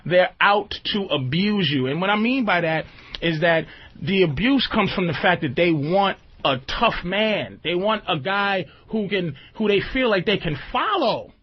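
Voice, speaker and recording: A man's voice: sits high, expressive, a little slow, slightly rough. A man hosting a radio talk show, joking loosely and often asking whether the listener understands. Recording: lo-fi radio recording.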